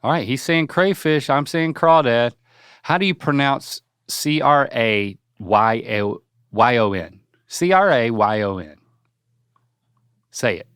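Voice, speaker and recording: A playful young man hosting a casual chat, his pitch swinging up and down as he jokes and rattles off options. The recording is dry and close, with no room sound. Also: animated, a bit bright, clean tone, no room sound. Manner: playful, joking, lists options rapidly. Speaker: podcast host. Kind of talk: casual chat, quiz questions.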